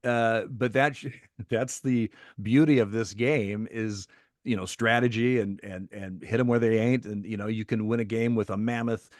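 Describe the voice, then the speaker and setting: A man's voice: fairly low pitch, fairly even intonation, normal speed, no room sound. Chatty older man, dry close sound. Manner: chatty, repeats words, laughs while talking. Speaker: retired MLB umpire, guest. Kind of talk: casual storytelling in an interview.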